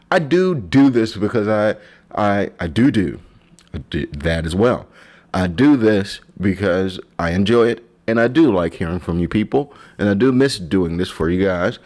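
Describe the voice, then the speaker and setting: A man hosting his own solo podcast, talking in a rambling, joking way that often breaks off and restarts. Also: sits low. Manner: rambling, joking, self-interrupting. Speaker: podcast host. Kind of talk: casual solo podcast monologue.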